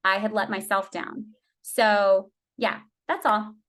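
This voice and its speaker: A woman's voice: medium pitch, fairly even intonation, slow, a bit bright. A woman in her thirties, a team leader telling her team an emotional story in a candid talk, with many restarts.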